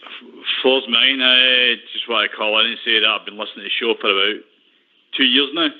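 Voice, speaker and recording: A Scottish man calls in to a radio phone-in show, chatting away and repeating himself. His mid-range voice is steady in tone and a little fast, heard over a tinny phone line.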